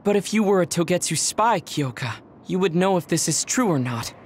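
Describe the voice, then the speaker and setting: A man voicing a calm, level-headed young male officer in a video game, speaking in a measured way. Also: sits high, slight background noise. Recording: game audio with faint music.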